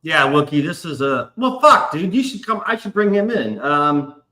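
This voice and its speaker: A man's voice: on the high side, expressive, moderate pace, pushed and bright. Profane, rambling man streaming from an echoey room. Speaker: stream host. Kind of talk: casual chat.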